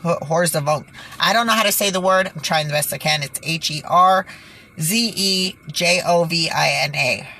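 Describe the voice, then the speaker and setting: This channel host's voice sits fairly low, bright and forceful, at a moderate pace, with a faint hiss or hum behind it. She sighs and stumbles over words as she reads news reports, clearly exasperated and indignant.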